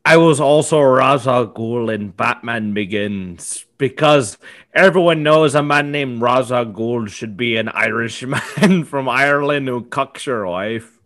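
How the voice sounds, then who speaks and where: A man's voice: medium pitch, a little slow, a bit bright. A man co-hosting a casual comedy podcast, rambling through crude improvised bits and laughing at himself. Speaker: podcast co-host.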